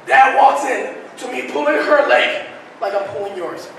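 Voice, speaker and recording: A man's voice: very high-pitched, moderate pace, vocal fry, crowd noise. A young man doing stand-up, telling a rambling, self-deprecating story to a comedy club audience, heard through a roomy club sound from a distant mic.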